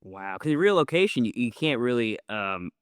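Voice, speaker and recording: A man's voice: medium pitch, very animated, moderate pace, a bit bright, smooth, dry recording, clean studio sound. A man hosting a podcast, asking short interview questions and following up attentively. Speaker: podcast host.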